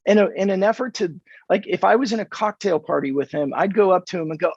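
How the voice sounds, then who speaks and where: An American man in his fifties tells stories in a casual interview, with a gravelly, husky voice that sits a bit high for a man. He acts out dialogue with animated energy. The audio is dull and dry, like a remote podcast line. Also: fast talker, no echo. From California, USA. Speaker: podcast guest.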